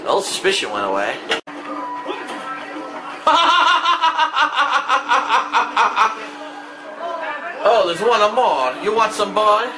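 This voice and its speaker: Man, crude gameplay commentary, excitable and mocking, high animated voice, noisy recording. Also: measured pace, long pauses.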